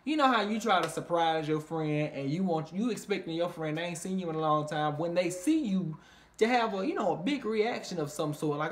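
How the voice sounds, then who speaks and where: Talking a little fast, this speaker recaps a reality show episode in a casual, profane vlog. They swear constantly, lean on "you know what I mean," and now and then leap into high, squealing impressions of the cast.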